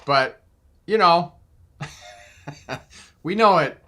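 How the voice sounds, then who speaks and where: A man's voice: on the high side, animated, moderate pace, long pauses, sharp tone. A man hosting a casual live Q&A as a driving instructor, chatting with viewers, laughing often and acting out exchanges in different voices. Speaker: driving instructor and channel host.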